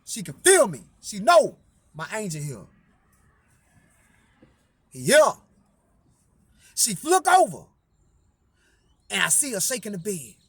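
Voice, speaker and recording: High-voiced man telling a story, profane. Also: huge pitch swings, slow, pauses often, fairly bright tone, husky, dry recording. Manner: repeats "I say" to frame quotes, emphatic.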